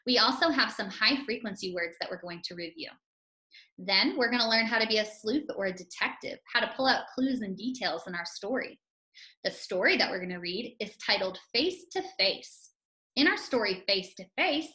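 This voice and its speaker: A woman teacher giving a scripted phonics lesson to young children, speaking slowly and clearly and stretching out sounds. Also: fairly high pitch, bright, forceful tone, reverberant, rough recording.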